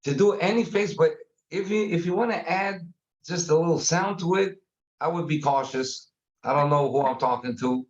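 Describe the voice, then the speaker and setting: A man guest explaining a communication method in casual conversation, animated and acting out examples. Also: on the high side, normal speed, highs cut off. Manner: animated, acts out examples with faces and sounds.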